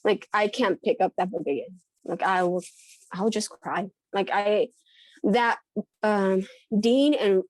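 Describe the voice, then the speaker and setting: A woman co-hosts a book podcast in casual chat, restarting her sentences often and laughing frequently. Her voice is medium-pitched and slow, with no room sound.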